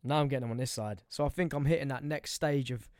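A man's voice: mid-range voice, fast talker, a little mellow, no echo, clean studio sound. A young man, bantering bluntly and swearing freely as a podcast co-host. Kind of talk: casual chat.

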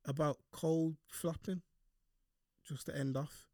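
A man's voice: a little high, steady tone, slow pace, darkish tone, no echo, clean studio sound. A young man, teasing his co-host in slangy, casual podcast banter. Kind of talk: casual chat.

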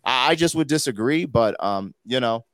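A man's voice: medium pitch, lively intonation, moderate pace, a bit bright, no echo. Guy hosting a podcast, super casual and slangy, lots of "like", dry sound. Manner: loose and slangy, full of 'like' and 'you know'. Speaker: podcast host.

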